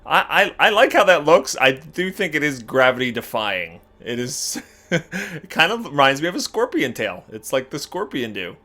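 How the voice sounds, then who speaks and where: Give me a man hosting a casual gaming video. He reacts with animated exclamations and frequent laughs. His voice is bright and slightly high, and it swings widely in pitch. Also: moderate pace. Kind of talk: casual game commentary.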